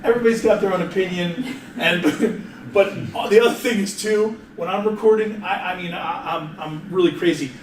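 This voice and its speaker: Casual high-voiced male presenter in a roomy hall. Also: moderate pace, slight background noise. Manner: casual, chatty, self-interrupting with frequent restarts; jokey, laughs often. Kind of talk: live workshop presentation. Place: meeting room at an office. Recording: roomy, distant mic, faint ambience.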